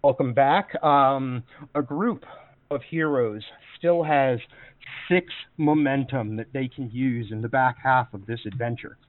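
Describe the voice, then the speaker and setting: A man's voice: medium pitch, a little slow, dry recording. A man running a tabletop role-playing game as game master, narrating scenes in a rambling way with many fillers. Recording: dry, phone-like online call audio.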